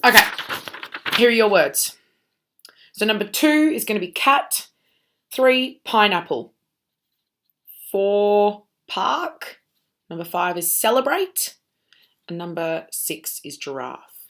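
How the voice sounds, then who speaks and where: A woman's voice: mid-range voice, sing-song, a little slow, long pauses, a bit bright, slight background noise. A woman teacher giving a recorded lesson, walking students through a task patiently and checking in with "okay?" after each step.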